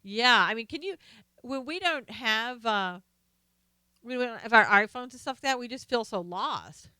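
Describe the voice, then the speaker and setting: An excitable middle-aged woman hosts a laid-back live stream, often laughing and exclaiming as she talks with viewers and reads their comments. Her smooth, slightly high voice moves at a moderate pace in a dry recording.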